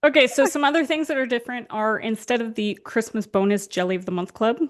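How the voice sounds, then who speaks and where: A woman's voice: on the high side, fast talker. A woman hosting a podcast, telling stories in a casual chat full of fillers. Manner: storytelling with fillers and laughs. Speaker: podcast host.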